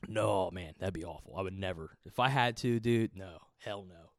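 A man's voice: low voice, normal speed, no echo, studio quality. A man in his thirties ranting casually and profanely as a podcast host, rambling and exasperated. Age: 30s.

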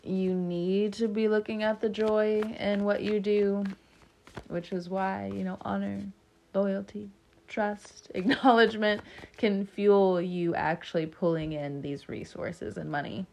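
A woman's voice: medium pitch, steady tone, measured pace, creaky, a little mellow. A woman giving a casual tarot reading to camera, chatty and rambling, laughing often as she talks. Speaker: tarot reader.

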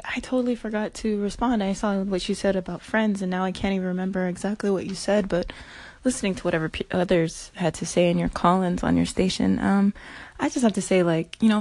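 A woman's voice: medium pitch, steady tone, brisk, darkish tone, no echo. A woman from Arizona leaving an earnest, reflective voice message for a podcast host, with many "you know"s. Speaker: caller to the podcast. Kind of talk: casual voice message.

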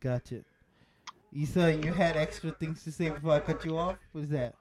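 A man's voice: fairly high pitch, moderate pace, crowd noise. A man hosting a casual podcast, joking around and swearing freely. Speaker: podcast host. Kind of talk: casual chat.

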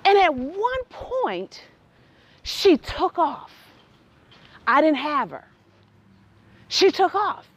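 A woman telling a personal story that turns into a faith lesson, animated and quick to laugh. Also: high voice, muffled recording.

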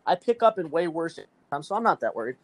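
A man's voice: a little high, big pitch swings, fast, rough recording. A man telling a rambling, profane story in casual chat, packing his talk with "like" and laughing often. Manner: fillers "like" constantly.

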